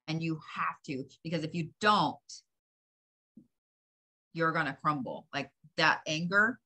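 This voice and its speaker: This woman's voice sits low and comes across pushed and bright. Channeling a psychic reading, she speaks directly to the listener with advice that is emphatic, blunt and profane.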